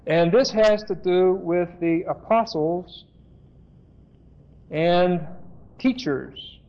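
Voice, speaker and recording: Slow-talking man teaching scripture. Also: high-pitched. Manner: deliberate, spells out Greek words, stops to correct himself. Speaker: Bible teacher. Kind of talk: slow expository Bible lesson. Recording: dull lo-fi sermon tape.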